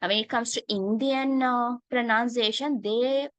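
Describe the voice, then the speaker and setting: A woman with a Sri Lankan accent teaching English in an online class. She is patient, calls students darling and dear, and pauses often with "uh". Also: fairly high pitch, steady tone, fairly bright tone, dry recording, rough recording. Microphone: video call.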